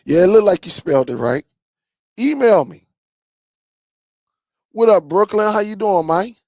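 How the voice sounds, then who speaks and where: A man's voice: sits high, lively intonation, a little slow, darkish tone, no room sound. A man hosting a casual live stream, reading viewer comments and bantering with loose, laughing slang.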